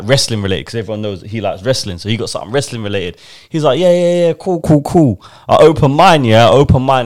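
Young man telling a story. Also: fairly low pitch. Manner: animated storyteller, acts out friends' lines. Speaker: podcast co-host. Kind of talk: casual chat, anecdote telling.

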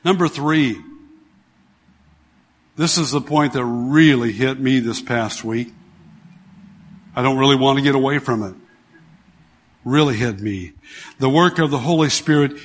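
A man's voice: mid-range voice, measured pace, pauses often. A man preaching a sermon as pastor, emphatic, repeating key phrases and asking rhetorical questions of his congregation. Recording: long hall reverb.

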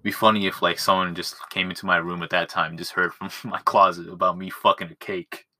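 A young man with a low, bright, sharp-edged voice rambles through a solo podcast at home. He swears constantly and mocks himself in loose, crude asides, talking into his phone. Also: flat delivery, a little fast. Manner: crude, rambling, self-mocking, swears a lot. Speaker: podcast host. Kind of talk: casual solo podcast monologue.

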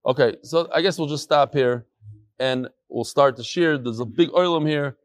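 A man with a high-pitched voice for his sex, exuberant as he leads a class and calls people to come up. His talk is full of Yiddish and Hebrew terms, and the sound is close and dry with little room echo. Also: normal speed. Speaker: Talmud class leader. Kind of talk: lively announcements before a live class.

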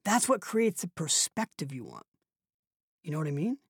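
A woman voicing an elderly, gentlemanly male barista who speaks slowly and thoughtfully in an audiobook reading. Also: deep voice, very animated, husky, no room sound, studio quality, full character voice. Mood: explaining. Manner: slow, thoughtful, old-school.

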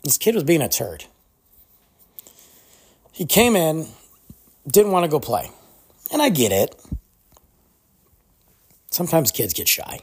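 A gravelly, husky podcast host talking solo. The voice swings widely up and down as it rants through a story, slipping into the voices of the people being quoted. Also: medium pitch, slow, pauses often. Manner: animated ranting storyteller.

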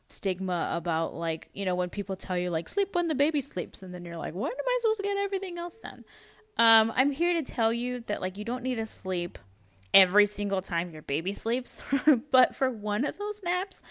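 A young woman talks in a chatty, casual way, laughing easily and acting out the moments she describes. Her voice sits at a middle pitch, and it is recorded close and dry, with no room sound around it. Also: no echo. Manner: chatty, laughs often, acts out quoted moments. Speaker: podcast host. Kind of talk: casual chat.

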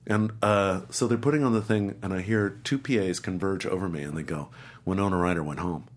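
A man's voice: low voice, a little fast. A middle-aged man telling a casual anecdote, acting out the voices and accents of the people in it. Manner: animated storyteller, acts out voices and accents. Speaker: guest actor telling a story.

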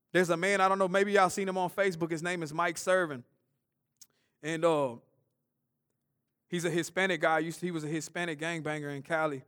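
High-voiced impassioned male preacher. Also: smooth. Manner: impassioned, swings between loud urgency and hushed intensity, repeats words. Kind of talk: sermon. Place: church.

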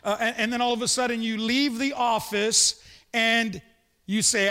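Speaking with fairly even intonation, this pastor's very high voice is bright, forceful, and smooth, echoing into long reverb in a large hall. His sermon feels conversational, full of rhetorical questions and quick stories from his own life.

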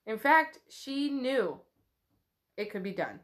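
A woman with a fairly high voice recaps a novel's chapter for her podcast in a relaxed, chatty way. She paraphrases the characters loosely, drops in the odd swear word and laughs easily. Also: takes it slowly. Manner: retells scenes loosely with "she's like", swears, laughs often. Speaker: book podcast co-host. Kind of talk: casual book recap chat.

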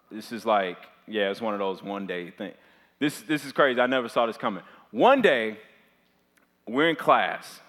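A young man in his twenties preaching, chatty and rambling as he tells a story straight to the crowd. His voice sounds bright and forward at an ordinary pitch, and it rings out with a long reverb like a big church hall. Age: 20s. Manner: chatty and loose, heavy on filler words. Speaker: pastor. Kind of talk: storytelling sermon to a live audience.

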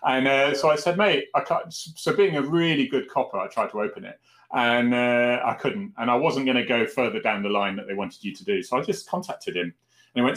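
A man's voice: medium pitch, expressive, brisk, fairly bright tone. A Cornish man in his fifties, hosting a casual chat in a rambling, chatty way and laughing often. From Cornwall, England. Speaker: host.

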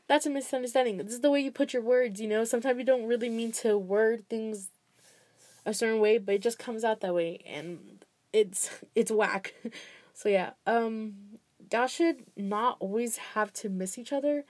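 A woman's voice: on the high side, moderate pace, a little mellow. A young woman giving casual, rambling relationship advice, full of fillers and "blah, blah, blah.".

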